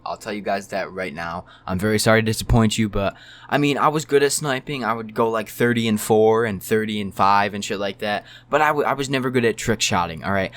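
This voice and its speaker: A young man telling a casual storytime, rambling and swearing freely. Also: on the low side. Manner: profane, rambling and animated. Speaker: storytime YouTuber.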